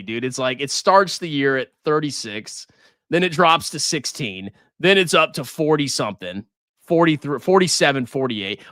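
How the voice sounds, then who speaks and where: A man hosting a casual personal finance livestream, talking in a sarcastic, mocking, excitable way. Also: fairly high pitch, dry recording, clean studio sound.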